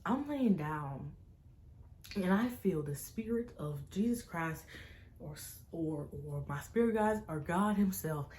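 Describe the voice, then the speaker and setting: A young woman, a vlogger, recounting a personal story to camera in an animated, tense way, full of fillers. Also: on the low side, measured pace, a little hiss or hum. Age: young adult. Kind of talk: casual storytime vlog.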